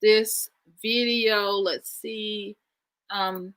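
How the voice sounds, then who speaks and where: A woman's voice: mid-range voice, steady tone, drawn-out words, a bit bright. A woman from the United States hosting a live stream, chatting with viewers in a friendly way with many fillers. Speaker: channel host.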